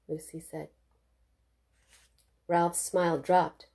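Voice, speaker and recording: A woman reading her own novel aloud in a steady, expressive way. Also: lowish voice, unhurried. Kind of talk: audiobook narration.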